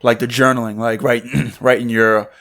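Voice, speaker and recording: Relaxed guy on a podcast, just chatting, lotta likes and ums. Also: mid-range voice, moderate pace. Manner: relaxed, conversational, lots of fillers. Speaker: podcast co-host. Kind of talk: casual chat.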